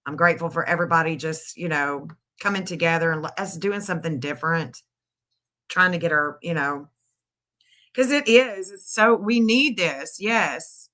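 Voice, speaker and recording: A woman's voice: on the low side, moderate pace, pushed and bright. A woman co-hosting a live stream, chatting casually in an earnest, rambling way. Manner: rambling, earnest, searching for words.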